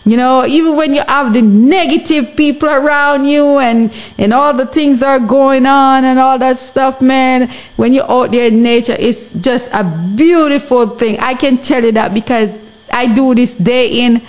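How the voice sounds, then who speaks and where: A woman's voice: high-pitched, steady tone, a little slow. A woman with a Jamaican accent speaking earnestly on a podcast, exhorting her listeners and often checking that they understand her. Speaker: guest. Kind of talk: impassioned podcast commentary.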